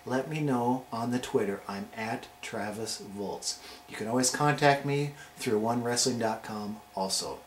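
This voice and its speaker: Guy doing a hyped-up review video, middle-pitched voice, echoey room. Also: unhurried. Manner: hyped, playful ranking countdown delivery. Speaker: wrestling show reviewer and host. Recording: roomy echo with faint noise.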